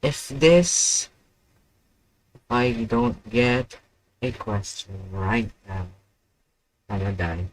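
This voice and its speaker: A man hosts a live podcast stream alone and drags his words out very slowly, with long gaps between them. He is playful and mocks himself, jumping from sudden loud bursts to quiet mumbles. A faint hiss sits behind his voice. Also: lowish voice, lively intonation, rough recording. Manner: playful, self-mocking, jumps between loud outbursts and mumbling. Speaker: podcast host. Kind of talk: casual live-stream chat.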